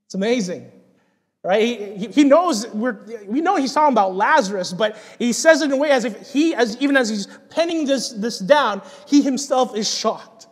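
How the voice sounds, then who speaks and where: High-voiced man preaching in an echoing hall. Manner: earnest, animated, often restarts words. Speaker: pastor. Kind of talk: expository sermon. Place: church hall.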